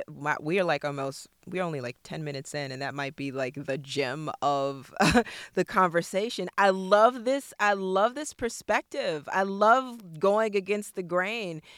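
An enthusiastic, effusive woman hosting a casual interview. Her voice is smooth and resonant, at a middle pitch, and the recording is dry and close. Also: unhurried, dry recording. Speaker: host.

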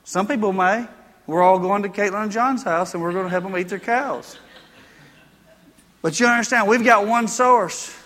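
Man, pastor preaching, folksy and emphatic, bright tone, long hall reverb. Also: high-pitched, normal speed. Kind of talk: sermon.

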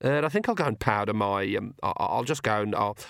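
A sharp-tongued young witch from a storybook, suspicious and quick to bristle, as a male narrator puts her on. The voice is lifted above his usual register and sounds close and dry. Her lines come out clipped and indignant. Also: lowish voice, expressive, gravelly, no room sound. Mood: wary, indignant.

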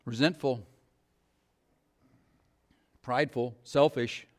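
A man's voice: mid-range voice, steady tone, slow pace. A middle-aged male pastor preaching a sermon, asking the congregation rhetorical questions in a conversational way.

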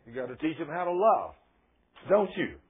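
A man's voice: fairly high pitch, very animated, moderate pace, slight background noise. An older man preaching a sermon, telling folksy stories and asking the congregation rhetorical questions. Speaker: pastor. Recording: tinny lo-fi radio broadcast.

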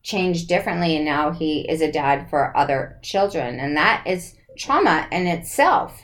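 A woman's voice: low-pitched, expressive, measured pace. A woman hosting a conversation, speaking in an earnest, counseling way. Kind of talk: advice-giving conversation.

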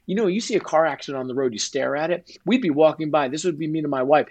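A man's voice: a little high, fast talker, darkish tone, highs cut off. A man, a guest and author, telling an emotional personal story in an interview and acting out quoted dialogue.

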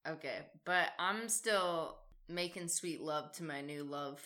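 A woman's voice: sits low, slow, bright, forceful tone. A woman playing a tabletop role-playing game, tossing in wry asides. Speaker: player.

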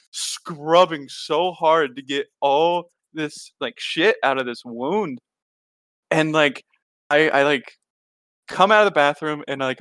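A man's voice: fairly high pitch, a bit bright, no room sound. A young man telling a rambling story in casual chat, laughing through it as a podcast co-host.

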